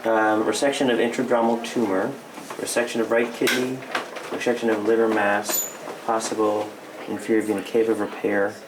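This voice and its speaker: A man working as a surgeon, calmly walking a family through an operation, halting and repeating words as he explains. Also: lowish voice, background noise. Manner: halting, repeats words, calm and matter-of-fact. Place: hospital.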